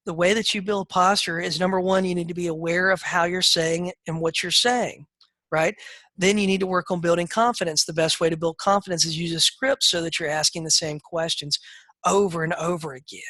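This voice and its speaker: Middle-aged male sales trainer, folksy and direct, bright tone, dry close sound. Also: fairly high pitch, fairly even intonation, a little fast, no room sound. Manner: direct, folksy, acts out seller calls in a raised voice. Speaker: real estate sales trainer. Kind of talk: live webinar coaching.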